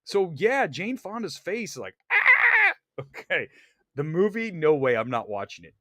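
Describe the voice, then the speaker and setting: A man hosting a movie talk show, delivering blunt, opinionated box office commentary and climbing high in pitch when he gets worked up. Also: very animated, normal speed, dry recording, studio quality. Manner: blunt, opinionated, straight-talking. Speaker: host.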